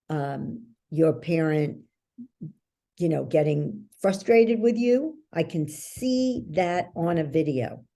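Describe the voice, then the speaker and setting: A woman speaks as an interview guest in a low, warm voice. She talks at an unhurried pace, tells stories and keeps checking that the listener follows. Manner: checks in with the listener often, storytelling. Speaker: guest, belief-change coach. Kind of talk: explanatory interview talk.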